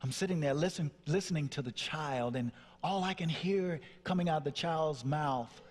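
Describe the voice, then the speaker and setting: A man's voice: on the high side, moderate pace, darkish tone. Guy from nashville doing a dramatic stage story, acts out the voices, long hall echo. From Nashville, Tennessee. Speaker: motivational speaker.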